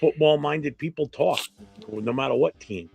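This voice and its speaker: A man with a New England accent hosting a casual fan talk stream, blunt, opinionated and quick to swear. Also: a little high, gravelly, a little mellow, breathy edge, lo-fi sound, faint music behind. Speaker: fan show host.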